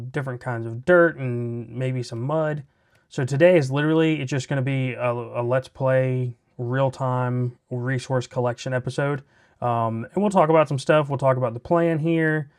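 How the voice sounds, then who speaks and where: Man, let's play host, casual game commentary, laid-back, chatty, thinking out loud. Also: mid-range voice.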